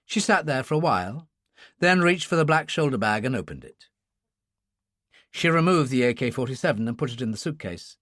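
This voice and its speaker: A man narrating a thriller audiobook in a measured, expressive way. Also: medium pitch, no echo, clean studio sound. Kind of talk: scripted narration.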